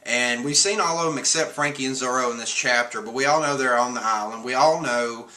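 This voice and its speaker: Bright-voiced man rambling through a review. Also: mid-range voice, fairly quick. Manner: rambling, chuckles often, swears casually. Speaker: streamer reviewing a comic chapter. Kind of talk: casual chat.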